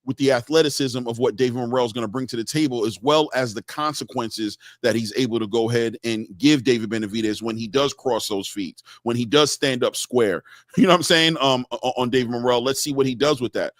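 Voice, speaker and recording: A man hosting a casual boxing live stream, reading out viewer comments and giving shout-outs in a loose, chatty way. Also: medium pitch, fairly quick, dry recording, studio quality. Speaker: boxing show host.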